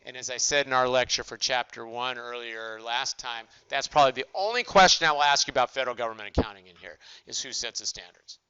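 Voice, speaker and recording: A man's voice: medium pitch, fast talker, few pauses, pushed and bright, clear, resonant tone, no echo, lo-fi sound. An older male accounting professor giving a casual recorded lecture, asking questions and answering them himself. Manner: conversational, asks and answers his own questions.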